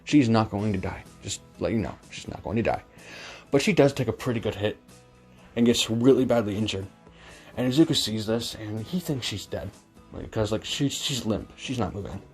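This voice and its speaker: A man's voice: lowish voice, animated, normal speed, darkish tone, soft background music. A man improvising a fan-fiction story, rambling with many fillers and self-corrections.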